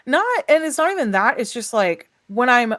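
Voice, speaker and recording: A woman co-hosting a casual show reaction chat, expressive, laughing often and using lots of fillers. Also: on the high side, normal speed, dry recording. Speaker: podcast co-host.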